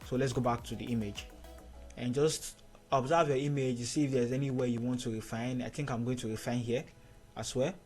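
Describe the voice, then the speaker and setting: Man giving a step-by-step software tutorial. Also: medium pitch, fairly quick, soft background music. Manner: steady step-by-step instructions, repeats key points. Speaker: photo editing tutor. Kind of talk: screen-recorded software tutorial.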